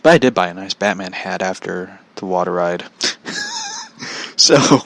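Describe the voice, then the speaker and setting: A man's voice: low voice, lively intonation, unhurried, gravelly, fairly bright tone. A man telling a comedic story in a profane, exasperated way, laughing often. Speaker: vlogger.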